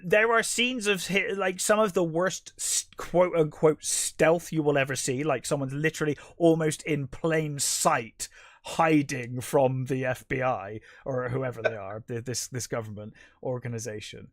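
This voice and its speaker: A man's voice: fairly high pitch, measured pace, no echo, studio quality. A man co-hosting a podcast, giving a casual, rambling film review that turns bluntly critical and exasperated. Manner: rambling, restarts mid-sentence. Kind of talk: casual movie review chat.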